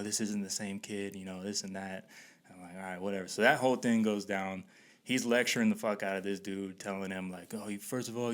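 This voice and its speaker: A podcast host telling a story in a laid-back way, swearing freely and laughing through it. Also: male voice, lowish voice. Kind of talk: casual storytelling.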